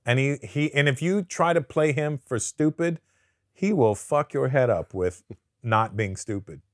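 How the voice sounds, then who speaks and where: A man's voice: medium pitch, measured pace, no room sound, studio quality. A comedian from Canada telling stories in a casual sit-down interview, swearing freely and acting out the people he quotes. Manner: profane, animated storyteller who acts out quotes. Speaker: guest comedian.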